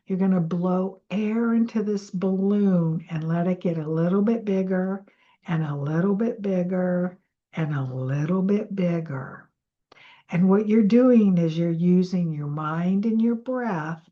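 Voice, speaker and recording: A woman coach leading a slow guided breathing and affirmation exercise in a soothing way. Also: fairly low pitch, dark tone, lo-fi sound. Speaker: manifestation coach.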